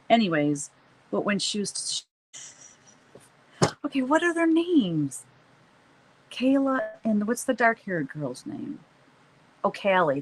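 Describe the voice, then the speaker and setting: A woman's voice: low-pitched, slight background noise, low-quality recording. A middle-aged woman hosting a live stream, chatting casually and laughing often while she paints and reads the chat.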